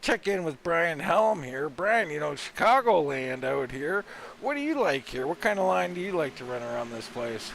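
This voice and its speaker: A man calling a live sim race play-by-play, energetic and rattling off driver names quickly. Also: a little high, creaky, a little hiss or hum. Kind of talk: live sim racing commentary.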